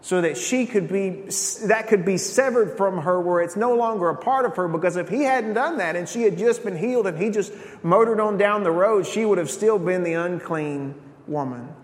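A man's voice: normal speed, few pauses. A man preaching a sermon in a conversational, storytelling way, with asides to the congregation. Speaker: pastor. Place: church sanctuary. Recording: echoey church hall, faint rumble.

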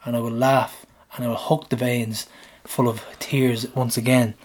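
A man's voice: medium pitch, little pitch movement, moderate pace. An Irish man co-hosting a football podcast in casual chat, blunt and fiery, swearing freely. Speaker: podcast co-host.

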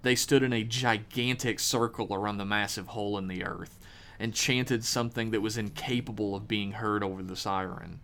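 A man hosting a podcast, reading a horror story aloud with measured, dramatic pauses. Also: on the low side, steady tone, gravelly, fairly bright tone, slight background noise.

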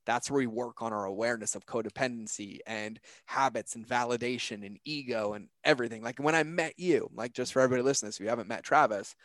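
A man's voice: mid-range voice, a bit bright, no room sound. A man talking earnestly on a podcast about self-reflection, conversational, with lots of "like" and "right?" in his speech.

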